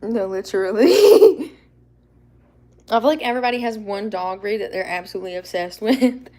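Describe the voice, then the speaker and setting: A woman hosting a casual live Q&A, rambling and chatty and quick to laugh. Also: medium pitch, expressive, dark tone. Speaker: livestream host.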